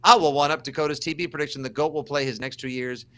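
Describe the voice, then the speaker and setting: Animated Boston man, bright voice. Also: fairly high pitch, quick pace. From South Shore of Boston. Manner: animated, sarcastic, theatrical outbursts. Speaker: podcast co-host. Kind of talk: casual sports chat.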